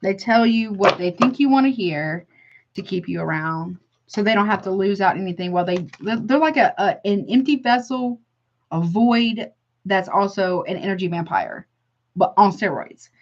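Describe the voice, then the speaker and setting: A woman's voice: medium pitch, expressive, moderate pace, muffled recording, a little hiss or hum. A woman giving a casual tarot reading, blunt and emphatic, often exclaiming and calling the listener honey. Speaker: tarot reader.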